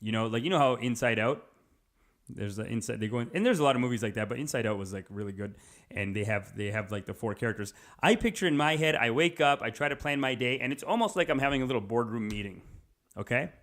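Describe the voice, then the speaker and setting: A young adult man doing a rambling comedic monologue as a podcast host, jumping into quick character voices. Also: medium pitch, lively intonation, fairly bright tone.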